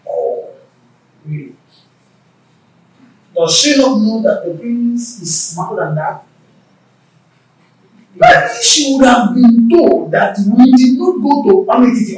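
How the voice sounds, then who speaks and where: An actress playing a wise royal mother who counsels her son and the king calmly and persuasively, heard in a very echoey room from far off. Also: fairly high pitch, a little hiss or hum.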